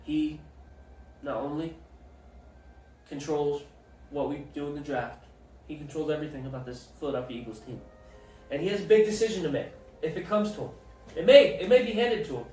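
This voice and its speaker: A man hosting a casual sports chat, joking loudly and swearing freely. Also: fairly high pitch, fairly quick, pauses often, reverberant, distant mic, faint music behind, rough recording. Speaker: podcast host.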